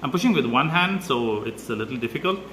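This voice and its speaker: Man, mid-pitch, hesitant DIY vlogger narrating as he works, noisy home recording. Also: animated, fast talker. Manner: hesitant, many "uh" fillers, explains step by step. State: slightly out of breath. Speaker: DIY video maker. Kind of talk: casual how-to narration while working.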